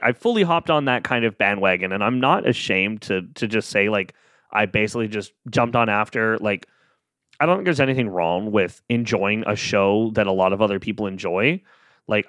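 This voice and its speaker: A man's voice: on the low side, a bit bright, no echo. Man, podcast host, casual solo chat, rambling, self-amused, dry sound.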